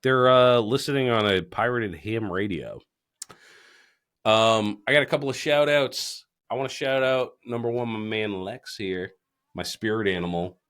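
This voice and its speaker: Guy hosting a podcast, low voice, cussing and joking around over beers. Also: normal speed, a bit bright, clean tone. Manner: profane, joking, loose from drinking beers. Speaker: podcast host. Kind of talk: casual chat.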